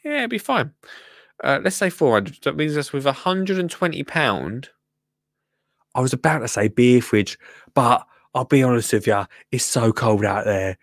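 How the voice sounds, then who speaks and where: A man's voice: medium pitch, animated, moderate pace, no room sound, studio quality. A man with an English accent hosting a live show, chatting casually with a jokey, rambling manner. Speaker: show host.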